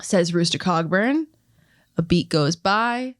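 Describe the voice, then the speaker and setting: A woman's voice: on the low side, expressive, takes it slowly, no echo, studio quality. A woman co-hosting a podcast, recapping competition matches in casual chat and reading out trivia questions. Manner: reads out match results and trivia questions, then chats loosely. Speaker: podcast co-host.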